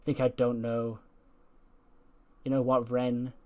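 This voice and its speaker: A man voicing a sly, menacing veteran female wrestler who taunts in a low, quiet voice. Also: monotone, takes it slowly, natural voice.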